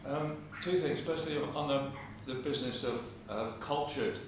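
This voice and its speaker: A man interviewing a guest at a live event in a hotel hall, phrasing his questions deliberately and carefully. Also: mid-range voice. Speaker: interviewer, society convenor. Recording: very echoey hall from far off, faint hum.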